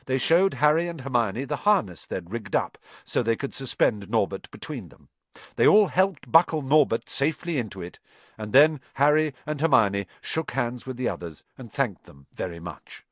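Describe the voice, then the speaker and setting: Male audiobook narrator with a lively, varied delivery who acts out the characters; dry close recording. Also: mid-range voice, no room sound. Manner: expressive storytelling, acting out the characters. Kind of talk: scripted narration.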